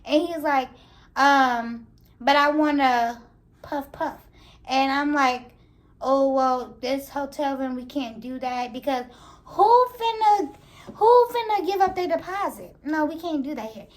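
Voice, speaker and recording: Young female vlogger, high-pitched, animated casual storyteller. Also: unhurried. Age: young adult. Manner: animated, laughing, slangy storytelling.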